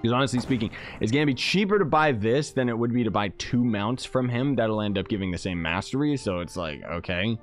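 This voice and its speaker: A man's voice: mid-range voice, expressive, brisk, hardly any pauses, faint music behind. A man giving casual game commentary as a YouTuber, rambling and joking at his own expense while he talks through items. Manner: playful, rambling, jokey, self-mocking. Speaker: gaming YouTuber.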